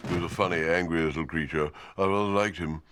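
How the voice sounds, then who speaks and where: A comic actor playing a pompous, self-satisfied television executive in a mock documentary interview. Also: male voice, deep voice, steady tone, fast, noisy background. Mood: smug. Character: smug posh TV executive.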